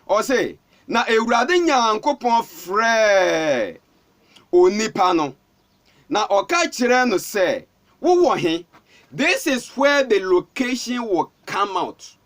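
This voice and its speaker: A man with a Ghanaian accent preaching with fervour. His voice sits very high and swings widely up and down as he repeats himself and calls out. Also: fairly bright tone. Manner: fervent, repetitive calling out. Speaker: pastor. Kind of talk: sermon.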